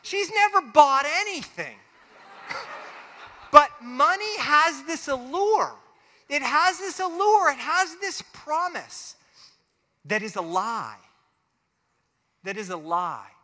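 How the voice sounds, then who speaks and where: Animated high-voiced pastor in a reverberant hall. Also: male voice, slow pace, long pauses. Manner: animated, acts out little quoted voices. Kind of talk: family sermon with closing prayer.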